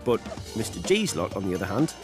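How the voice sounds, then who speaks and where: A man's voice: lowish voice, very animated, fast talker. A man giving playful, wry scripted narration for a documentary. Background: background music.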